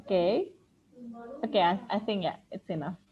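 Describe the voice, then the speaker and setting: A woman moderating an online course in a relaxed, chatty way, heard over a video call. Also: medium pitch, moderate pace, a little hiss or hum. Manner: relaxed, chatty, laughs often. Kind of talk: casual online chat. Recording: muffled video call audio.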